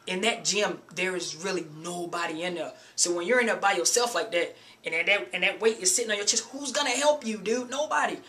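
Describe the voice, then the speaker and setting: A man's voice: high voice, steady tone, brisk, few pauses, pushed and bright. A man vlogging in a loose, chatty way, telling a gym story and warning beginners to use a spotter. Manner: loose and chatty, keeps saying "you know" and "man". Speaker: fitness vlogger. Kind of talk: casual storytelling to camera.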